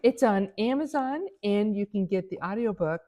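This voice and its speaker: Lively woman telling a funny story. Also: mid-range voice, moderate pace. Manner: lively, laughs often, acts out voices in her stories. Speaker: author, interview guest. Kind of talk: animated storytelling.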